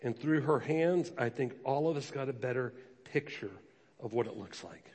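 A man's voice: medium pitch, slightly rough. A man preaching a sermon as a pastor, telling stories with acted quotes. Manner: storytelling with acted quotes, animated. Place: church sanctuary. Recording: long reverb of a large hall.

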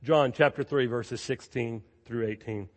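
A male pastor delivers a sermon in a lively storytelling manner, leaning on repeated phrases for emphasis. His voice sits at an ordinary mid pitch for a man. It rings out with the long reverb of a large church. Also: measured pace. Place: church sanctuary.

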